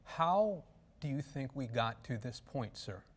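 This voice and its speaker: A male TV news anchor asking an interview guest questions in a brisk, formal way. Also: medium pitch, animated.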